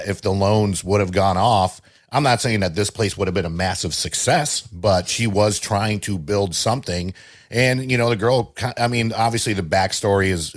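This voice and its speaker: A man co-hosting a podcast, chatting loosely and laughing often. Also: deep voice. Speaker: podcast co-host. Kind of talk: casual chat.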